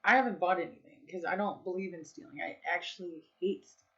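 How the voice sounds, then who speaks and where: A woman's voice: on the low side, fast, fairly bright tone. A woman vlogger in her thirties telling a story to her viewers in a frank, chatty way, full of "dude" and "like". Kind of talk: casual storytelling vlog. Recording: slightly dull lo-fi sound.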